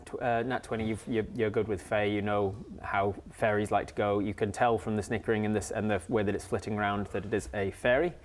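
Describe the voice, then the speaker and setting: A man narrating a tabletop game as game master, relaxed and chuckling, with many fillers. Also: on the low side, brisk, few pauses, slight background noise.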